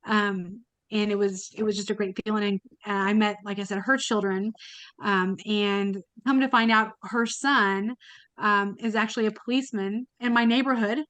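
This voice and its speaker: This woman's medium-pitched voice is steady and a bit bright, at a moderate pace with no room sound. A kidney donor on a podcast, she tells her personal story casually and emotionally, with frequent fillers and restarts.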